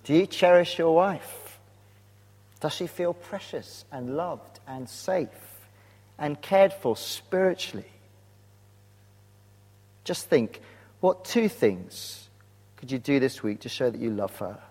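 Male preacher, slightly high voice, earnest, asks the flock pointed questions; long church-hall echo. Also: animated, slow, long pauses, a little mellow. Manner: earnest, direct questions to the congregation. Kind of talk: sermon. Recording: long reverb of a large hall.

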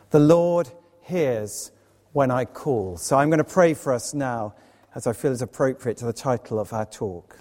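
A man preaching an evening sermon as a lay speaker, earnest and anecdotal with quick asides. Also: mid-range voice, darkish tone, in a large hall. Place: church, evening service.

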